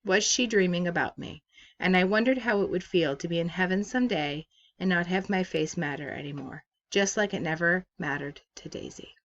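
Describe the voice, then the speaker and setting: Woman teacher, reading aloud, low voice, steady storytelling, dull lo-fi recording. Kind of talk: reading a novel aloud to a class. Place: her office.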